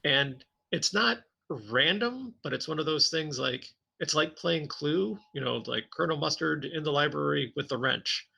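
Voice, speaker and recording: Gravelly, husky man chatting casually. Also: on the high side, normal speed, hardly any pauses. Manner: animated storytelling, laughs often. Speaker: podcast co-host. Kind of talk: casual chat about tabletop games.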